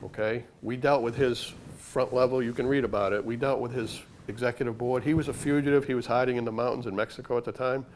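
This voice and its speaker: In a library meeting room, an older man, an author and retired undercover agent, tells stories to an audience in a punchy, conversational style. He speaks quickly with few pauses, at a medium pitch and steady tone, with a slight hiss or hum on the recording.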